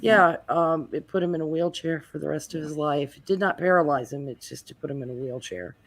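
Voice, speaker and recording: A man's voice: a little high, fairly quick, a bit bright. A man on a podcast panel in casual chat, telling rambling anecdotes full of restarts.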